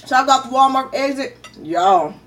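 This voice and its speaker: A middle-aged woman tells a story in a chatty, animated way. Her voice sits high and leaps around a lot. She keeps turning to her viewers as she talks. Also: moderate pace, recorded from a distance. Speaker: vlogger. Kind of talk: casual storytelling.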